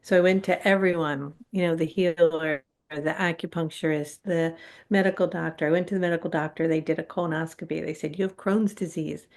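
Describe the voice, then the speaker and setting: A middle-aged woman appears as a guest on a spiritual talk show, recounting her personal story openly and with animation, even acting out how she once reacted. Her voice is low and steady, and she talks fairly quickly.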